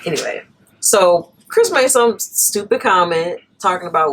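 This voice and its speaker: Laughing often, an animated woman co-hosting a relaxed podcast chat shares a story in a fairly low, unhurried voice and pushes back whenever she's interrupted. There's a bit of background noise.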